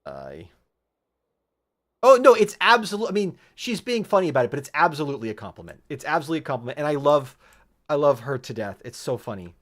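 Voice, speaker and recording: A man's voice: a little high, sing-song, quick pace, a bit bright. A man streaming a video game from home, chatting casually and thinking aloud with many fillers. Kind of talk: casual gameplay chat.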